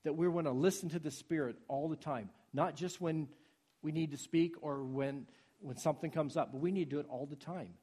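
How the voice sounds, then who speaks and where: A man preaching a sermon in a husky voice, swinging from soft pleading to loud urging. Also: fairly high pitch, fairly quick.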